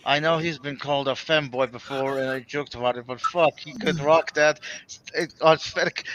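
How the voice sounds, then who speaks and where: A man's voice: fairly high pitch, steady tone, normal speed, fairly bright tone, highs cut off. A man hosting a livestream in casual chat, rambling and hesitant, repeating his words and swearing offhandedly. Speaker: livestream host.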